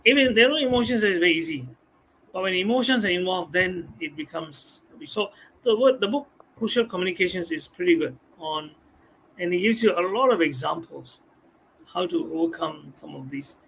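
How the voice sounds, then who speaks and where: Lively high-voiced man. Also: moderate pace, vocal fry, a little hiss or hum. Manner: animated, acts out customers' voices, repeats words. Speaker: guest speaker. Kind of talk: live-stream talk on communication skills.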